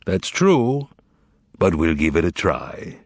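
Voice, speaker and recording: A man voicing a calm, commanding male devil figure who speaks in a low, unhurried, reassuring way. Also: no echo, heavily acted. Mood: wry.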